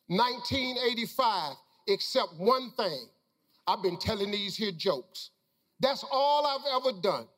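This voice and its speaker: A man's voice: very high voice, a bit bright, long reverb tail. A middle-aged man telling a personal story to a live audience, in a folksy, preacher-like manner with loose vernacular grammar. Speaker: motivational speaker.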